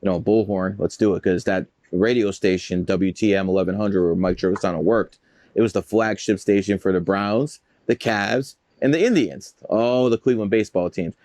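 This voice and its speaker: A man with a fairly low voice spins loose, boastful stories, swearing freely and wandering off track. The sound is dry and close, with no room around it. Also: moderate pace, darkish tone, no room sound. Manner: boastful, profane, rambling. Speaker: guest, numerologist. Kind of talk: casual storytelling interview.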